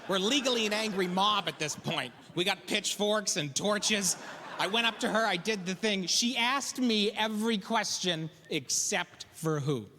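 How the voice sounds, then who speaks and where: A man from the prairies doing stand-up, his voice high and bright. His storytelling swings widely, acting out every character. A long hall reverb trails his voice over faint noise. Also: a little slow. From Canadian prairies. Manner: animated storytelling, acts out characters. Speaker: stand-up comic. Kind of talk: stand-up comedy.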